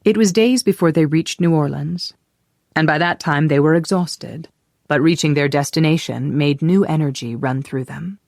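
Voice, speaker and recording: Audiobook narrator, romance novel, steady even pace, mid-range voice, dry close sound. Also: medium pitch, moderate pace, vocal fry, no echo.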